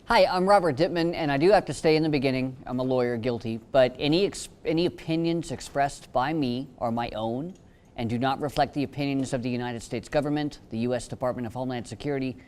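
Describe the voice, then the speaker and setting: A man's voice: medium pitch, quick pace, darkish tone, clear, resonant tone. Joking man telling stories on a panel. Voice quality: joking, storytelling. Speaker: panelist, attorney. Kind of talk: humorous panel talk.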